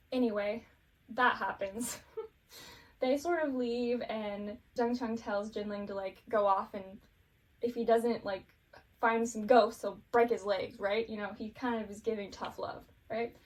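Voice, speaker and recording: Woman rambling thru a show recap, kinda high voice, giggles a lot, mic a bit far off. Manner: giggly, rambling, lots of fillers. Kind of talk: casual chatty recap.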